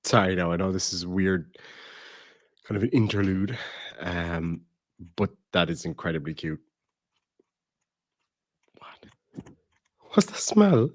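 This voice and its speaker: A man's voice: low voice, slow, long pauses, no room sound, studio quality. Irish man, casual swearing host. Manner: relaxed, swears freely, coos baby talk at his dog. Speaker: channel host. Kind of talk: casual livestream chat.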